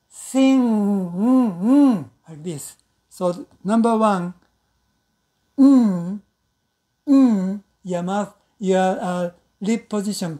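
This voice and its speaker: A woman whose first language is Japanese teaches English pronunciation patiently, pausing on fillers and humming nasal sounds to demonstrate. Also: mid-range voice, dark tone. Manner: patient, with many fillers, models sounds by humming and repeating words. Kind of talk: slow pronunciation lesson with demonstrations.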